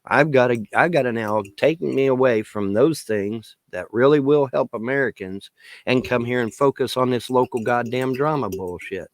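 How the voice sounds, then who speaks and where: A man rants to the camera, cursing hard and taunting his critics with repeated mocking questions. His voice sits at an ordinary middle pitch and sounds dry and close, with no room echo. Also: moderate pace. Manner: swearing, taunting, shouting in bursts. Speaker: vlogger. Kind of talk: angry profane rant to camera.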